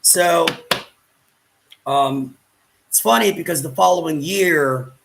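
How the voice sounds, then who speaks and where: A man's voice: on the high side, slow pace, vocal fry, background noise. A man recording his own vlog who repeats himself, pleads again and again, and talks in grand terms. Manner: repeats words, pleads over and over, grand wording. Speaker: YouTube vlogger. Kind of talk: self-narrated vlog, arguing off camera. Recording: roomy sound, mic far from the speaker.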